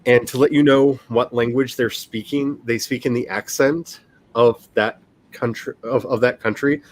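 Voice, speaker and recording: A man's voice: medium pitch, steady tone, moderate pace. Chatty man hosting a casual livestream. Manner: chatty, rambling, laughs often. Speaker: livestream host, writer. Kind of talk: casual livestream chat with viewers.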